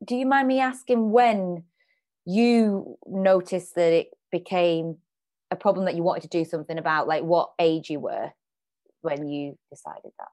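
Chatty low-voiced woman host, dry sound. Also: moderate pace, darkish tone, no echo. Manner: chatty, rambling, lots of "like" and restarts. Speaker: podcast host. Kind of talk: casual interview chat.

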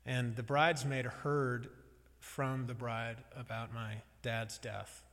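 A man's voice: medium pitch, level tone, slow, fairly bright tone. A man preaching a sermon in a conversational, wry and reflective way. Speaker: pastor. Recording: long reverb of a large hall.

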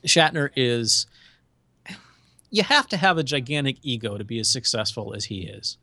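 A man co-hosting a podcast, chatting casually and telling stories with lively, acted-out quotes. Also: mid-range voice, moderate pace, no room sound. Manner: animated storyteller, acts out quotes in shifting voices. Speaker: podcast co-host. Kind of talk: casual chat.

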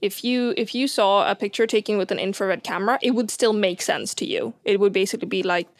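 A woman's voice: mid-range voice, fairly quick, no echo. Chatty woman astronomer, dry sound. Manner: chatty, many fillers and restarts, laughs often. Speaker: astronomer guest. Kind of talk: casual science chat.

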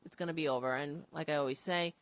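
A woman hosts a casual political talk show, rambling through her points with plenty of cursing. Her voice sits on the low side, and the recording is dry and close with no room sound. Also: fast, clean tone, no room sound. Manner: rambling, profane, animated.

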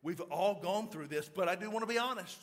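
A man preaching a sermon to a church congregation, telling a story with lots of repeated words and acted-out shouts. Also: high voice, fairly quick. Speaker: pastor. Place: church auditorium.

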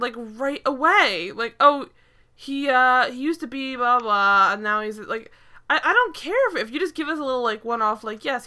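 A young woman co-hosting a podcast, recapping a TV episode in casual chat, animated and exasperated, laughing often with lots of fillers. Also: a little high. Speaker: podcast co-host.

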